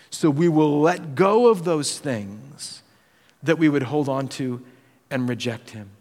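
A man preaching a sermon as pastor, acting out quoted voices and swinging between loud and hushed. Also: mid-range voice, in a large hall. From United States.

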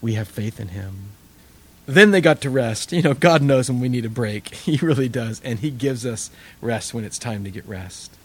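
A man's voice: medium pitch, moderate pace. Conversational man preaching a sermon. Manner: conversational, animated storytelling with acted quotes. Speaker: pastor.

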